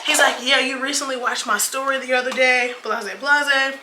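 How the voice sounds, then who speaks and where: A woman's voice: high voice, steady tone, moderate pace, background noise. A young woman in her twenties telling a dating story while doing her makeup, chatty and casual, cursing freely and calling her viewers y'all and girl. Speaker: beauty vlogger. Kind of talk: casual get-ready-with-me storytime. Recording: echoey room with faint ambience.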